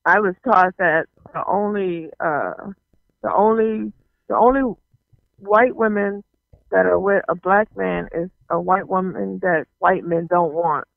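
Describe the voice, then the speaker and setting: A high-pitched, gravelly man tells stories in relaxed talk-show chat. His delivery is animated and packed with fillers. The sound is dry and squeezed through a narrow, phone-like band. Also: measured pace, no room sound. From Southern US, New Orleans area. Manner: animated, laughing, heavy on fillers like "you know". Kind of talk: casual storytelling on a talk show.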